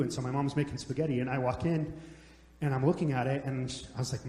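A young adult man preaching a sermon, telling jokes and stories in a relaxed, conversational way. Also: mid-range voice, fast talker. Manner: joking, conversational storytelling. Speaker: pastor. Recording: echoey hall, long reverb.

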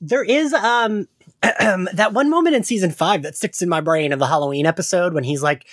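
A woman's voice: on the low side, normal speed, no echo, studio quality. A woman hosting a casual podcast chat, giggly and full of fillers. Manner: giggly, chatty, lots of fillers. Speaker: podcast host.

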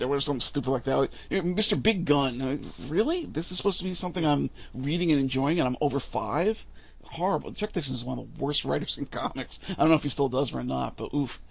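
A man's voice: medium pitch, lively intonation, a little fast, gravelly, husky. A man co-hosting a podcast, ranting bluntly and sarcastically and swearing freely. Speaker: podcast co-host. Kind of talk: casual opinionated chat. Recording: dull lo-fi audio.

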